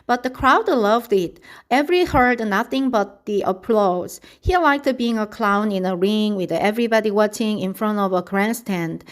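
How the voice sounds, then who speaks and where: A woman reading a children's storybook aloud at a steady, careful pace. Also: medium pitch, moderate pace.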